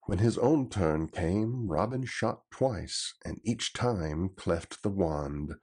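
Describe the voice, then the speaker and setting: A man reading an old adventure story aloud in a steady, even delivery. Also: deep voice, slow pace, breathy edge. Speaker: narrator.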